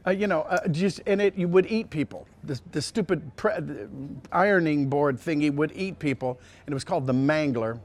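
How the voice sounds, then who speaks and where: A male voice actor telling casual anecdotes in an interview, rambling with many restarts and sliding into quick impressions. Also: fairly high pitch. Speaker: voice actor guest.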